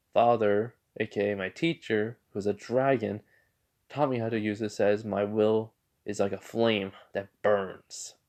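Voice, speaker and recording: A man's voice: on the low side, a little mellow, natural voice. A man voicing a brash young knight. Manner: boastful, taunting. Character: brash young male magic knight, defiant. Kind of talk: casual fan story retelling.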